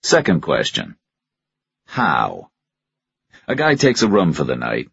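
Deep husky deadpan male narrator. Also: no echo, dull audio. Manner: measured, deadpan. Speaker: audiobook narrator. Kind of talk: scripted first-person narration.

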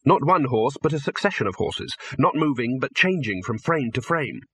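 A man reading an audiobook in a measured, dry storytelling manner. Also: mid-range voice, lively intonation, a bit bright, husky. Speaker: narrator. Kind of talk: audiobook narration.

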